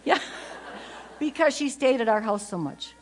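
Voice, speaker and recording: An older woman speaks to a conference audience in a humorous, storytelling way. Her voice sits on the higher side, and she talks in a chatty manner, acting out family anecdotes as she goes. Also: animated, a little slow, a little hiss or hum.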